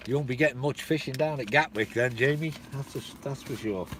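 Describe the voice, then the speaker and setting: A man's voice: mid-range voice, fairly quick, background noise. A man hosting a casual live stream, chatting informally with viewers and swearing freely. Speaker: channel host.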